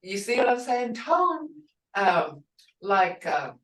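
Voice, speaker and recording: An older woman teaching a language class, who speaks slowly and patiently and repeats each word so her students can hear its tone. She is heard from some way off the mic, in a room with a noticeable echo. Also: mid-range voice, big pitch swings, a bit bright, a little hiss or hum. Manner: patient, repeats words to model tones. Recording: roomy, distant from the mic.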